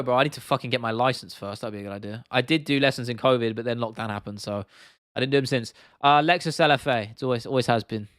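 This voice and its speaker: A man's voice: medium pitch, fairly bright tone, smooth, dry recording, studio quality. A young man from England hosting a casual livestream, talking bluntly and swearing freely while reacting to viewer comments. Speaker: livestream host.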